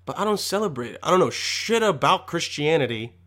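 A man's voice: on the high side, animated, fairly quick, fairly bright tone. A young man ranting to camera with constant swearing, rambling and mock exasperation. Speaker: vlogger. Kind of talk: profane comedic rant.

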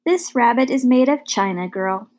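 A woman voicing an enormous bearded male hobo who speaks gently, formally and fondly, in a storybook reading. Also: on the high side, lively intonation, natural voice. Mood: kindly. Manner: formal, fond, unhurried speech.

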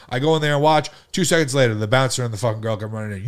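A man's voice: medium pitch, rapid-fire, few pauses. A man on a casual podcast telling a wild night-out story, swearing often and acting out what people said. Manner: profane, animated storytelling with re-enacted quotes. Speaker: podcast co-host.

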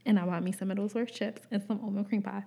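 A woman's voice: mid-range voice, fairly even intonation, fast, vocal fry, warm tone, slightly rough. A young woman hosting a casual podcast, telling a profane, laughing childhood story and acting out the people in it. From Pennsylvania. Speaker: podcast host.

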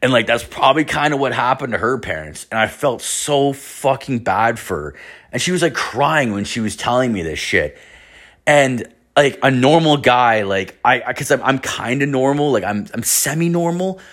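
A man's voice: mid-range voice, expressive, normal speed, fairly bright tone. A man hosting a podcast, telling rambling stories in casual, profane slang. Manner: rambling, swears constantly, slangy. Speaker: podcast host.

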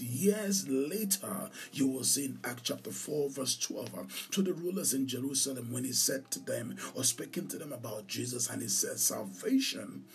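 A man's voice: medium pitch, vocal fry, recorded from a distance. A man preaching a sermon, emphatic and repeating key phrases for stress.

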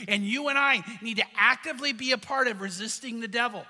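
A male pastor delivers a sermon in a bright, ringing, high-pitched voice. He speaks earnestly and conversationally, peppering the congregation with rhetorical questions. His voice carries a long reverb tail from a large church sanctuary. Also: a little fast, hardly any pauses.

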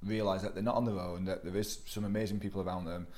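Encouraging podcast host. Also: male voice, low-pitched, flat delivery, quick pace, a little mellow. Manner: encouraging, with many short back-channel replies. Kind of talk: casual interview.

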